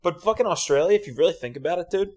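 A man's voice: high-pitched, expressive, very fast, darkish tone. A young man co-hosting a podcast in casual, rambling, joking chat. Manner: joking, rambling, laughs often. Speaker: podcast co-host.

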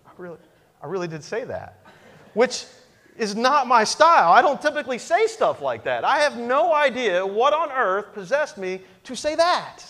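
A man preaching as a pastor, telling a self-mocking story in an animated way. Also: extremely high pitch, moderate pace, big-room sound. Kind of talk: sermon storytelling.

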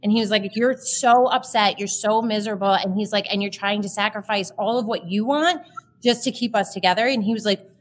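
A woman's voice: medium pitch, fairly quick. A woman in her thirties telling her personal story as a podcast guest, chatty and emotional, with many fillers.

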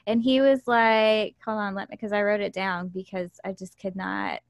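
A woman's voice: mid-range voice, fairly even intonation, moderate pace, vocal fry, dry recording. A woman co-hosting a casual book discussion, candidly retelling scenes. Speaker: book club podcast co-host. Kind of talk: casual chat.

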